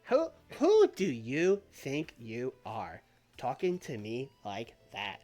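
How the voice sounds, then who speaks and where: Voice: mid-range voice, wildly swooping pitch, slow, warm tone, soft background music. A streamer voicing a proud, offended woman wrestler with a Boston accent. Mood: indignant. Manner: indignant.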